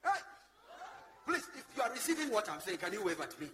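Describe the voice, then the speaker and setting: A Kenyan man preaching a sermon in a very high voice that leaps up and down. He swings from loud shouting to quiet asides, passionate and forceful before his congregation. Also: big pitch swings, brisk, background noise. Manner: passionate, shifts from loud shouting to low asides, mixes in Swahili. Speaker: bishop and preacher.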